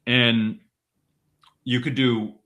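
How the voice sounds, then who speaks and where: A man's voice: medium pitch, little pitch movement, very slow, a bit bright. A man co-hosting a casual podcast discussion, talking emphatically and driving points home by repeating them, with frequent restarts. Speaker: podcast co-host.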